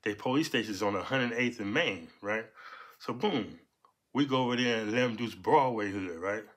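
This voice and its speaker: A man in his fifties from Los Angeles, telling a personal story in animated, profane street talk. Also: normal speed. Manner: animated, profane, punctuates with "boom". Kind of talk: casual storytelling.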